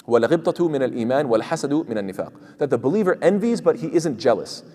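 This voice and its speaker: Male imam, mid-pitched, rapid-fire tafsir lesson, lots of restarts, long hall reverb. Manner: animated, fast-talking, many fillers and restarts, recites Arabic quickly. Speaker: imam giving Quran commentary. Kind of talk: sermon-style tafsir lesson. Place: mosque hall.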